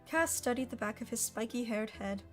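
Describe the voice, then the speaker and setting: A woman narrating a children's novel in an even storytelling read, her voice fairly high. Faint music plays underneath. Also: moderate pace. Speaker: audiobook narrator. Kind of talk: scripted narration.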